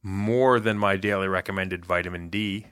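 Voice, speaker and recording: A man's voice: low-pitched, fairly even intonation, normal speed, a bit bright, smooth, no echo, clean studio sound. A man co-hosting a casual podcast, joking around and reading listener messages aloud with wry asides. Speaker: co-host answering player questions. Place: Canada.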